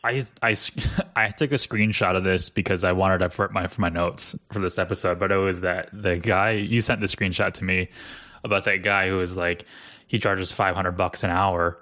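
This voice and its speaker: A man's voice: low voice, fairly even intonation, moderate pace, pushed and bright, dry recording, clean studio sound. A man hosting a podcast interview, talking in a casual, chatty way with fillers. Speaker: podcast host.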